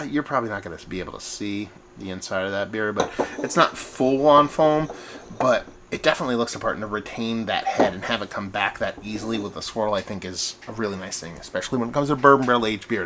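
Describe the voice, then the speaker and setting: A man's voice: lowish voice, slight background noise. A man hosting his own beer review vlog at home, chatty and rambling, poking fun at himself. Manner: chatty, rambling, self-mocking, animated. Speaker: beer reviewer, show host. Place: at home, indoors.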